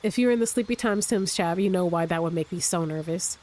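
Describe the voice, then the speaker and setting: A woman with a cold, a bit stuffy and raspy, thinking aloud as she hosts casual gameplay commentary from her room at home. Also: on the low side, fairly quick, darkish tone. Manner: thinks aloud, rambling with restarts. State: sick, stuffy and a little raspy. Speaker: let's play host.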